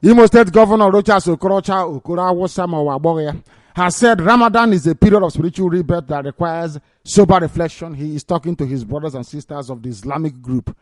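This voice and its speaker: Male radio broadcaster, Nigerian Igbo accent, high-pitched, sarcastic and fiery, dry studio sound. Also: fast talker, no echo. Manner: sarcastic, laughs often, mixes Igbo into English; swings into loud indignant outbursts. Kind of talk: mocking news commentary.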